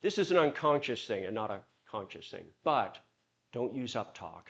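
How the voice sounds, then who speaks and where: Animated man leading a church workshop. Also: medium pitch, normal speed. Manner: animated, acts out examples in put-on voices. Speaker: workshop leader. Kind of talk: workshop talk to a church audience.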